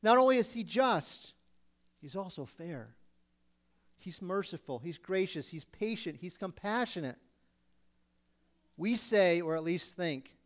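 Male preacher with a high-pitched voice, delivering a sermon that swings into loud acted-out pleas. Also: expressive, measured pace, pauses often. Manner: acts out pleading voices with sudden loud bursts.

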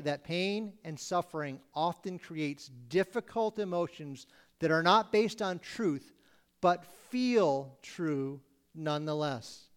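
A man's voice: on the high side, clear, resonant tone. A man preaching a sermon, earnestly voicing pleading questions to God.

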